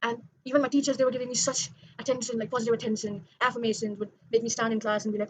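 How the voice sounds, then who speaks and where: A woman's voice: fairly high pitch, steady tone, racing, few pauses, slightly rough, low-quality recording. A young woman in a late-night confessional vlog monologue, rambling, correcting herself and earnest. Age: young adult. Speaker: vlogger.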